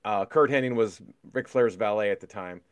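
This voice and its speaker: A middle-aged man co-hosting a podcast, telling a story in casual chat, excitable and swearing freely as he re-enacts moments. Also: lowish voice, moderate pace, no echo. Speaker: podcast co-host.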